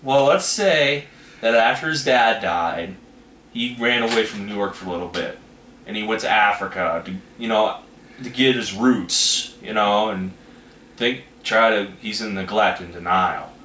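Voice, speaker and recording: A man's voice: lowish voice, measured pace, sharp tone. A man hosting a casual trailer reaction, rambling and hedging as he talks. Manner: rambling, hedging with "you know what I mean". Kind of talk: casual chat. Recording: echoey room with faint noise.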